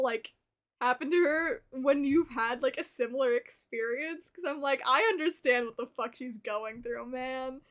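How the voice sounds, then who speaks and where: Chatty, high-voiced young woman streamer. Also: measured pace. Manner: animated, chatty, swears casually. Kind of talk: casual gameplay commentary.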